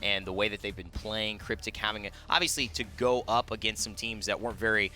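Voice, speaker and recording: A man's voice: lowish voice, steady tone, brisk, sharp tone. A man hosting a live esports analysis desk, talking in an upbeat, chatty way with some restarts.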